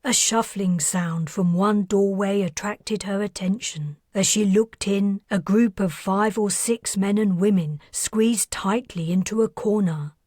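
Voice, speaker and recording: A woman author narrating her own science fiction audiobook in a calm, measured way. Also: mid-range voice, no echo, studio quality. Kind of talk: scripted narration.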